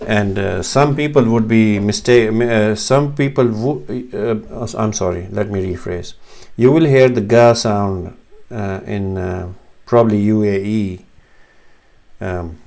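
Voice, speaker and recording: Patiently going through Arabic letter sounds one by one, this man demonstrates each and corrects himself as he goes. His voice is fairly low and a little mellow, and the explanation is slow and instructional.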